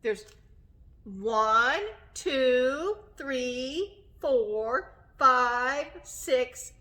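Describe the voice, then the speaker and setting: A woman librarian leads a children's story time, coaxing young listeners with friendly questions. Her voice is high and her pace is slow and deliberate. She reads with a gentle, patient warmth meant for small children. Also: animated.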